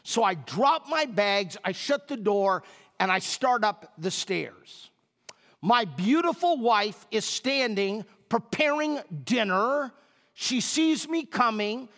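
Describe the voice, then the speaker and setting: A man's voice: sits high, lively intonation, slow pace, pushed and bright, big-room sound. A man preaching a sermon, telling a personal story with emphatic repetition to a congregation. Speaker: pastor.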